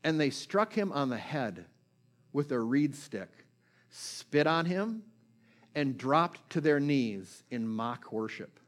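A man's voice: medium pitch, big pitch swings, slow. A man preaching a sermon in a conversational way, checking in with listeners and retelling scripture stories with feeling.

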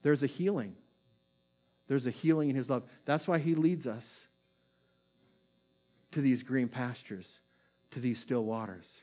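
A man delivering a sermon as a pastor, moving between quick bursts and slow, hushed phrases. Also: mid-range voice, faint music behind.

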